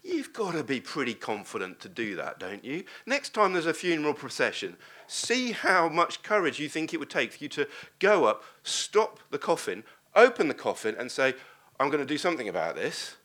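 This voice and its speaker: A man's voice: a little high, sing-song, moderate pace, hardly any pauses, sharp tone. A man preaching a sermon, earnest and posing rhetorical questions to the congregation.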